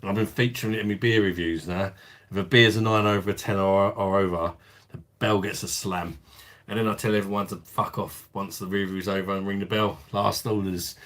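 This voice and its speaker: Host: blunt man, casual live chat, lowish voice, laughs freely. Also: fairly even intonation, fairly quick, fairly bright tone. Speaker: livestream host.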